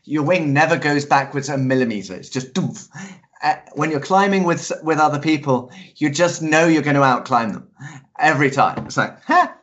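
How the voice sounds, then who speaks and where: A man being interviewed as a paraglider pilot, talking in an enthusiastic, animated way. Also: fairly high pitch, brisk, muffled recording. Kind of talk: casual interview chat.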